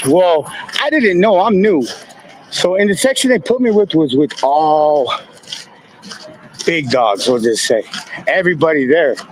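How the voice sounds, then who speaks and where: A man's voice: a little high, expressive, unhurried, pauses often, poor audio. A man in his fifties casually telling stories from his past, using laid-back street slang and laughing now and then. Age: 50s. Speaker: guest. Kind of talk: casual storytelling.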